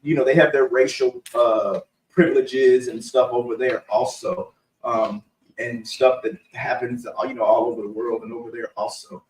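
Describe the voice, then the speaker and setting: A man giving his opinions in a halting, casual way as co-host of a live discussion. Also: medium pitch, steady tone, darkish tone, reverberant, distant mic, a little hiss or hum, low-quality recording. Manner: halting, opinionated, many fillers and restarts.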